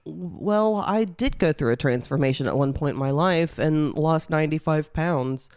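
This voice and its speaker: A man's voice: on the high side, normal speed, a little mellow, clear, resonant tone, no echo, clean studio sound. Wry self-deprecating male podcast host. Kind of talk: casual chat.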